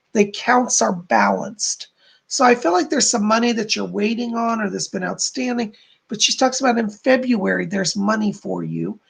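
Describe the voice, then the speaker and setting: Male psychic medium host; gravelly, husky tone, gentle delivery on a live stream. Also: sits high. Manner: soft, relaying spirit messages, warm thanks to donors.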